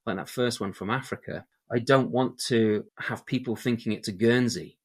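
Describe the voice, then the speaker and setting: An English man with a mid-Atlantic accent, a storyteller guest talking in an animated, chatty way, often adding tag questions. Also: mid-range voice, moderate pace, breathy edge. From England. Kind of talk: casual interview talk.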